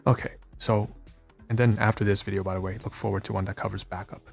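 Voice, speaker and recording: A man streamer talking casually through a screen-share walkthrough, halting and often restarting and correcting himself, stressed and feeling dissociated. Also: lowish voice, little pitch movement, gravelly, faint music behind.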